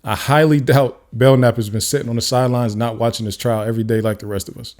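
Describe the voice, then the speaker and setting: A man's voice: mid-range voice, fairly even intonation, fast talker, darkish tone. A man hosting his own podcast, talking off the cuff in casual solo commentary with frequent restarts. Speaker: podcast host. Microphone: camera-facing studio mic.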